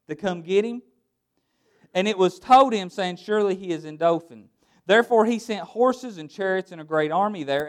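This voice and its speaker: Male pastor, high voice, animated sermon with scripture readings and joking asides. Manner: animated preaching, reads scripture aloud and laughs at his own asides. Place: church with a small congregation.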